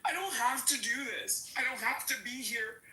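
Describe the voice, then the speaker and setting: A woman's voice: a little high, lively intonation, moderate pace, pushed and bright, roomy sound, poor audio. A woman speaking as a panel guest, tearful and pleading, her voice breaking as she repeats herself. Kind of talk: emotional panel talk.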